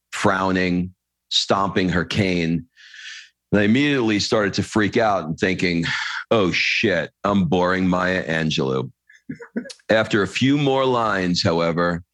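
A man hosting a podcast interview, reading a story aloud and then talking in a lively, casual way, swearing now and then. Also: sits low, no room sound. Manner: animated, swears casually, quick asides. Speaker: podcast host.

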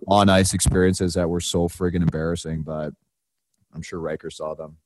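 A man co-hosting a podcast, telling a story in a casual, animated way with wide swings in pitch and some casual swearing. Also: normal speed, no room sound. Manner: animated, swings his pitch widely when retelling. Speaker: podcast co-host and hockey broadcaster.

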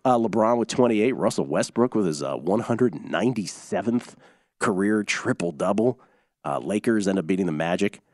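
A man's voice: lowish voice, expressive, moderate pace, darkish tone, dry recording, clean studio sound. A man hosting a sports betting radio show, talking loosely and rambling through scores and stats.

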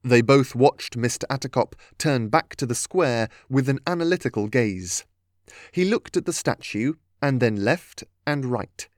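A man narrating a storybook in a steady, measured reading. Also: mid-range voice, dry recording, clean studio sound. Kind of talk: audiobook narration.

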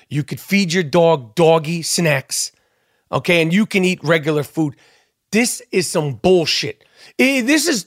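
A middle-aged man with a voice on the high side rants on his own podcast in a heated, profane monologue. He rambles and stammers through lots of restarts, and the studio-quality audio has no echo.

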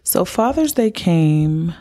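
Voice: medium pitch, very animated, slow, mellow. A podcast host talking openly and from the heart in a personal monologue, rambling with many "like"s.

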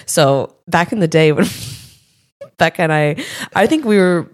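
A woman co-hosts a podcast in easygoing conversation. Her voice is low-pitched, and she talks loosely with lots of filler words. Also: unhurried. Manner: relaxed, filler-heavy, lots of "like". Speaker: podcast co-host. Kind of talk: casual podcast chat.

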